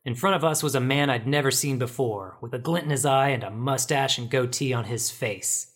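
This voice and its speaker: A man voicing a hardboiled male noir detective who narrates and talks in a wry, deadpan way. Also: medium pitch, a little fast, lightly acted. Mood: dry. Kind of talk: noir audio drama narration.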